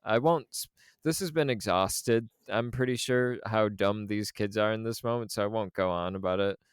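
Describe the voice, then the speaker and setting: Male podcast co-host, relaxed and rambling, lowish smooth voice, dry close mic. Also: normal speed, dry recording. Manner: laid-back, rambling with restarts and laughs. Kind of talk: casual film discussion.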